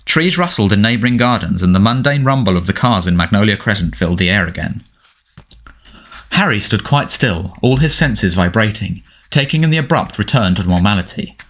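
Man, storybook narration, lowish voice, lively expressive delivery, dramatic reading. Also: fairly quick. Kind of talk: audiobook narration.

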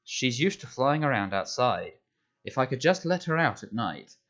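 A man's voice: mid-range voice, big pitch swings, normal speed, a bit bright, pitched above the performer's own voice. A man reading aloud voices a frustrated teenage boy wizard, speaking in a pleading, insistent way. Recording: dull lo-fi audio.

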